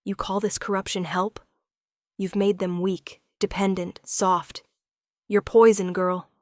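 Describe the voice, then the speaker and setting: A woman's voice: lowish voice, flat delivery, moderate pace, no echo, clean studio sound, natural voice. A woman voicing a scheming, fanatical older uncle of a wolf king, cold and bitter in storybook narration. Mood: accusing.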